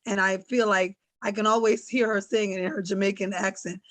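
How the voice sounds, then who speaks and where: A woman's voice: mid-range voice, fairly even intonation, brisk, a bit bright, dry recording. Reflective woman telling a family story. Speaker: panelist. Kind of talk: casual discussion.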